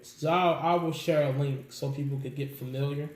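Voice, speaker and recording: A male musician, guesting on a casual interview, tells stories animatedly in a slightly high voice at a moderate pace, laughing often and acting out quotes. The room is echoey, with faint background noise.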